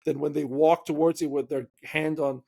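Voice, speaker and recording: A man's voice: fairly high pitch, normal speed, gravelly, breathy edge. A man hosting a podcast, chatting casually and telling stories with lots of fillers and asides. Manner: storytelling, animated, many fillers. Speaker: podcast host. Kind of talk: casual interview conversation.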